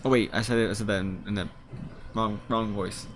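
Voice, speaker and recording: A man's voice: fairly low pitch, fairly even intonation, fairly quick, a little hiss or hum. A man casually playing a story game, reading its text aloud and commenting with swearing and stammered restarts.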